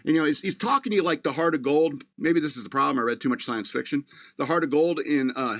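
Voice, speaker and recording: A man's voice: fairly high pitch, fast, a bit bright, no room sound. Rambling male radio host, dry sound. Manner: meandering, full of fillers and restarts. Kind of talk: casual rambling monologue.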